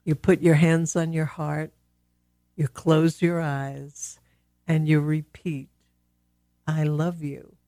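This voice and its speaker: A woman speaking slowly and gently on a podcast, sharing a simple self-love practice with long pauses. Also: low voice, level tone, no echo, clean studio sound. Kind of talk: reflective spiritual podcast talk.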